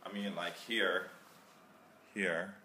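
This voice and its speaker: Man, deep voice, bright and forceful, casual rambling vlog, roomy sound, recorded from a distance, faint street noise. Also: extremely slow. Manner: rambling, animated, plays out street chats. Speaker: vlogger.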